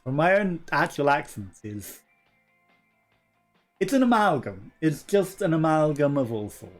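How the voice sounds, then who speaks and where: Chatty British man streaming a game. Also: mid-range voice. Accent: mixed British, shifting between regions. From Birmingham, England. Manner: chatty, chuckling, reads game text aloud. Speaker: let's-play streamer. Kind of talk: casual game commentary and chat.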